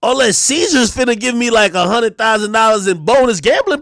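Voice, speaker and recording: A man hosting a livestream, delivering a loud, profane comedic rant with shouted bursts. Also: very high voice, expressive, quick pace, few pauses, no echo, studio quality. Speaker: streamer and show host.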